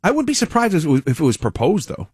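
A man's voice: a little high, huge pitch swings, quick pace, darkish tone, slightly rough, no room sound, clean studio sound. A man hosting a call-in radio talk show, blunt and opinionated.

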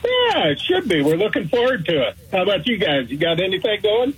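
A man's voice: sits high, wildly swooping pitch, brisk, a bit bright, rough recording. A man from Oregon calling in to a radio show, chatting in a friendly, easygoing way. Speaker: caller. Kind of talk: casual phone call.

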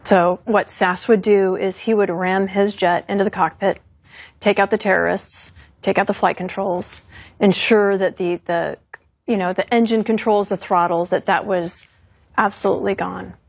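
A woman in her fifties speaks as a former fighter pilot in an interview, earnest and resolute. Her voice is husky and of middling pitch. She talks steadily, with firm conviction. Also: fairly even intonation, moderate pace, no room sound. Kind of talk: recounting interview.

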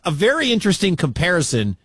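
Midwestern sports radio host, dry sound. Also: male voice, high-pitched, huge pitch swings, quick pace, fairly bright tone, slightly rough, no echo. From American Midwest. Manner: conversational, chatty asides. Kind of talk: sports radio talk and score updates. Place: radio studio.

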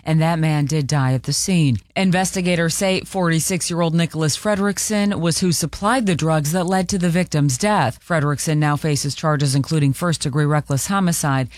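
A woman's voice: sits low, moderate pace, few pauses, a little mellow, dry recording, clean studio sound. A woman reading local radio news headlines, with playful asides between stories. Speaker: news anchor.

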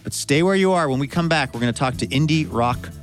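A man hosting a radio show, reading scripted announcements in a smooth, even way. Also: fairly high pitch, fast. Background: music bed under the voice.

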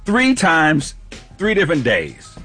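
A man's voice: on the high side, huge pitch swings, slow pace, sharp tone, slightly rough, soft background music. A man co-hosting a radio show, telling a casual story with lots of laughs.

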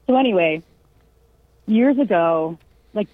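Husky woman telling stories over a tinny line. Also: mid-range voice, slow, no room sound. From California. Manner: animated anecdote-telling, acts out quotes. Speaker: storyteller. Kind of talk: casual chat. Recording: tinny phone-line sound.

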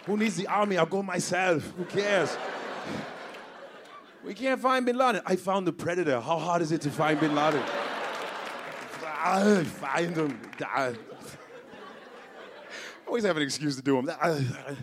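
A man's voice: a little high, unhurried, pauses often, a crowd in the background, noisy background. A man doing loose, profane stand-up comedy with lots of laughing banter.

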